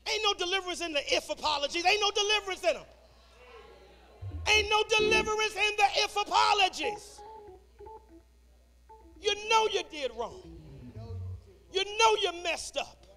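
High-voiced preaching man with gravelly edge. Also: moderate pace, pauses often. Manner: shouting, sing-song preaching cadence. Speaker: pastor. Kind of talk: sermon. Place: church sanctuary.

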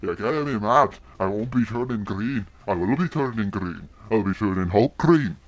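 A man putting on a gruff mock-Irish brute. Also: lowish voice, lively intonation, normal speed, voice pushed down. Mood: angry. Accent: put-on Irish.

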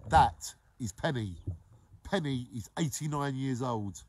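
A man, hosting a daily live show and warmly giving repeated shout-outs to viewers by name. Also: mid-range voice, lively intonation, a little slow, very noisy. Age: 40s. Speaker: live-stream host.

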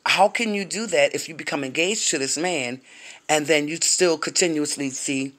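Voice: mid-range voice, moderate pace, fairly bright tone. A vlogger giving sassy, gossipy commentary on a reality show, drawling and calling the viewers honey and baby, sometimes dropping to a whisper. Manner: drops to a whisper for racy gossip.

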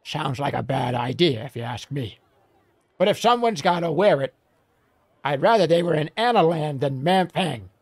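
Old wrinkled villager, wry and theatrical, drawn-out talk, lively swoops, dry close sound, a man doing the voice. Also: on the high side, breathy edge, dry recording. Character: weathered old male hill dweller, wry and talkative. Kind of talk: reading a game aloud with character voices.

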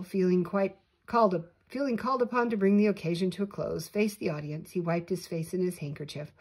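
An older woman, a grandmother, reading a picture book aloud with animated delivery and small slips. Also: lowish voice, slightly rough. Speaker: storyteller grandmother.

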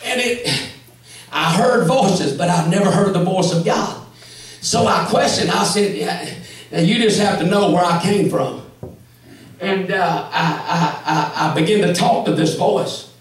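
A man with a Southern US accent preaching a testimony sermon, shouting and punctuating his story with "come on" and "amen.". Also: sits high, unhurried. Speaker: evangelist preacher. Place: church sanctuary. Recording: echoey church from far off.

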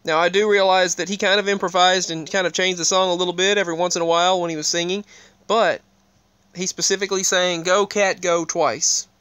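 High, smooth-voiced man talking to camera. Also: steady tone, fairly quick, bright, forceful tone, no room sound. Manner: rambling, with frequent restarts; points viewers to what is on screen. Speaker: video creator. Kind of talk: casual talk to camera.

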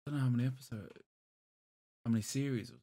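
A man with a medium-pitched, dark-toned voice talks fast with fairly even intonation. He co-hosts a gaming podcast, chatting loosely, rambling, and swearing casually.

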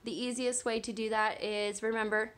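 A woman teacher leading a phonics lesson, drilling letters and sounds slowly and deliberately. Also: fairly high pitch, flat delivery, fairly bright tone.

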